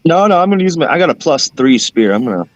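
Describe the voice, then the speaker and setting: A man playing in a tabletop game, relaxed and joking, swearing now and then. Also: a little high, quick pace, lo-fi sound, a crowd in the background. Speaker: player. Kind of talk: casual tabletop game chat.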